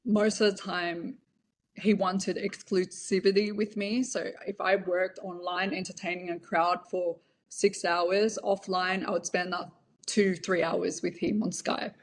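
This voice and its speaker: A woman's voice: on the low side, level tone, measured pace, a little hiss or hum. A woman guest in an interview, speaking frankly about her past work, with fillers and an occasional laugh. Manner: frank, laughs now and then, hesitant fillers. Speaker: interview guest, former cam model. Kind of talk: candid conversational storytelling.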